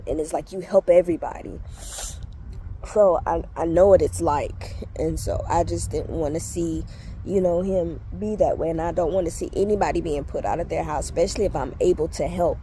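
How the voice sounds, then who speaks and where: A woman's voice: on the low side, normal speed, warm tone, a little hiss or hum. A woman vlogging outdoors on her phone, tearful and laughing as she tells a story with lots of fillers. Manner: emotional, laughing, fillers like "you know". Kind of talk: casual storytelling to camera. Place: outdoors walking on lunch break.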